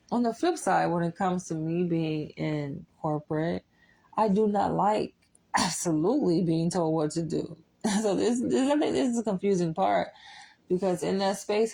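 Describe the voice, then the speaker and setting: A woman's voice: mid-range voice, vocal fry, darkish tone, rough recording. A woman vlogging a candid personal monologue, blunt and profane, laughing often between points.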